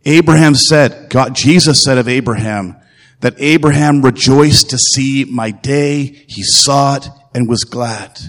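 A man's voice: medium pitch, unhurried, fairly bright tone, long reverb tail. A man preaching a sermon as pastor, earnest and emphatic, repeating phrases and putting direct questions to his listeners.

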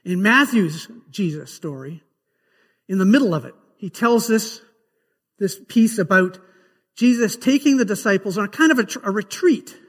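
A man's voice: sits high, lively intonation, moderate pace, breathy edge, big-room sound. A man preaching a sermon, retelling scripture scenes as a vivid story. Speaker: pastor. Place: church sanctuary.

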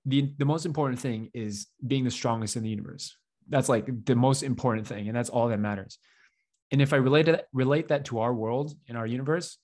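A mid-range, a little mellow male voice belongs to a young podcast co-host. He rambles casually, pokes fun at himself, laughs often, and uses many fillers.

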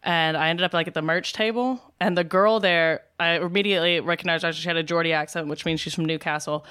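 A woman's voice: lowish voice, fairly even intonation, quick pace, a bit bright, clean tone, no echo, studio quality. A woman from Alabama co-hosting a podcast, telling stories casually and laughing often. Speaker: podcast co-host. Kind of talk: casual storytelling.

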